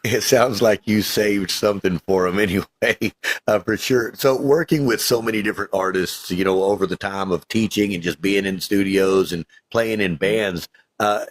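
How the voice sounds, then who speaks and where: A man with a fairly low voice hosts a casual talk show. He asks loose, friendly questions with small fillers and keeps the conversation relaxed. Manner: easygoing, chatty questions with fillers. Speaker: interview host.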